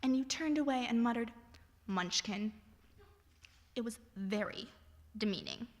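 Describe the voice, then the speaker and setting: A woman's voice: on the high side, brisk, darkish tone. Young woman reading in a reverberant hall. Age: young adult. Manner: wry, self-mocking asides between readings. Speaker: student reader. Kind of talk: reading her own poems and stories aloud.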